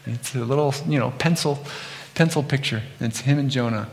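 A middle-aged man giving a conversational sermon, telling animated stories and acting out quotes. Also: mid-range voice, brisk, vocal fry. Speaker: pastor. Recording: long hall reverb.

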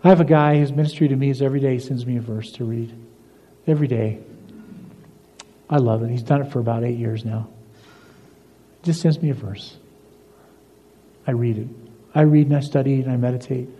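An older man preaching a sermon as pastor, telling stories and moving between emphatic lines and soft, confiding ones. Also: mid-range voice, a little fast, long pauses. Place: church sanctuary. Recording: dull lo-fi recording in a reverberant church hall.

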